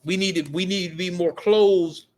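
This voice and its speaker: A man vlogging in animated, casual storytelling style, emphatic and slangy, often repeating himself and swearing. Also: high voice, normal speed. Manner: emphatic, profane, repetitive, slangy.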